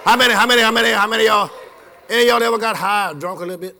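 A man preaching at full volume in a high, gravelly voice, laughing between lines and calling on his congregation to shout phrases back to him. His tone is bright and cutting, and a faint crowd murmurs under the sermon. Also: very fast, a little hiss or hum. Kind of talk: lively sermon with call-and-response. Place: live church service before a congregation, also streamed.

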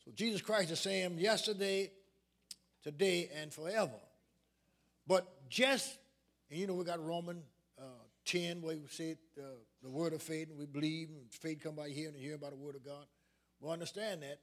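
High-voiced preaching man. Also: fairly even intonation, moderate pace, fairly bright tone. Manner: preaching with call-and-response questions to the congregation. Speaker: pastor. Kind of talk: sermon. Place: church sanctuary.

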